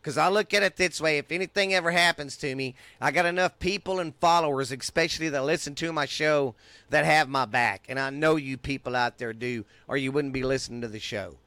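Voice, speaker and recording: A man's voice: on the high side, brisk, sharp tone, no echo. A middle-aged man with a Texan accent, hosting a podcast and delivering an angry, profane rant in his own voice. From United States. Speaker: podcast host. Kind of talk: ranting monologue.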